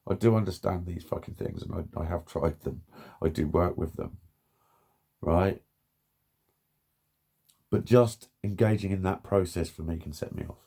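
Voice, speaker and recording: A man's voice: low voice, creaky, a little mellow. A man talking bluntly and frustrated in a candid vlog monologue, swearing often and repeating himself. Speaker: vlogger.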